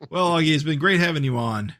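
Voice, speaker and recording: A man co-hosting a comics podcast, talking casually and haltingly. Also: on the high side, a bit bright. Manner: halting, many fillers and restarts. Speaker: podcast co-host.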